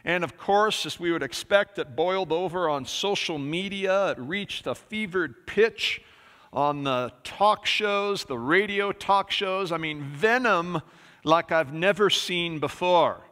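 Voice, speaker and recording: Bright-voiced man preaching in a reverberant church. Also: high-pitched, takes it slowly. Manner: conversational preaching with many fillers. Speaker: pastor. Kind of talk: sermon. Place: church sanctuary.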